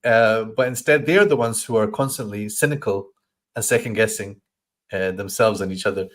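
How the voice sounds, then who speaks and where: A man with a slightly low voice leads a scripture study class. He talks in a considered way, stopping for fillers and restarts as he works through meanings. Now and then he runs through a verse in a quick recited flow. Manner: thoughtful, stops to search for words, acts out voices in quoted lines; recites Arabic verses in a quick flowing chant. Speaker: Quran teacher. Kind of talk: scholarly explanation in a study session.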